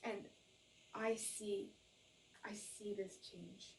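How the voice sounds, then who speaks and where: A woman's voice: mid-range voice, fairly even intonation, extremely slow, creaky, darkish tone, distant mic, a little hiss or hum, poor audio. A woman giving a tarot reading to camera, earnest and reassuring, often checking in with "okay?" and gushing with emotion. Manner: gushes with emotion. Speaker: tarot reader.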